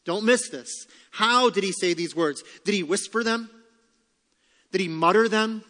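High-voiced pastor guy preaching, hammers lines twice, long hall echo. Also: measured pace, sharp tone. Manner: emphatic, repeats key lines, rhetorical questions. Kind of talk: sermon.

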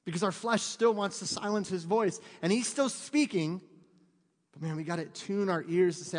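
Here a pastor in his thirties preaches at normal speed, his voice sitting high. His conversational sermon in the church sanctuary blends joking asides with rising fervor, all carried by the hall's long reverb.

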